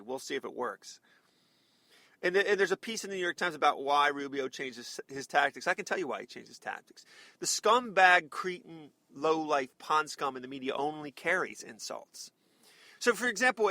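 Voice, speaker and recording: A man's voice: fairly high pitch, bright, forceful tone, no room sound. Combative, sarcastic male talk-show host. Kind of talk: opinionated political commentary.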